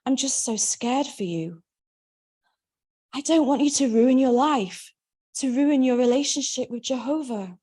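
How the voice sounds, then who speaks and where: A woman reading a memoir aloud, voicing a devout, anxious mother who speaks softly and hushed. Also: fairly low pitch, normal speed. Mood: gentle. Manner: soft hushed voice. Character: devout anxious mother, tender then hardening.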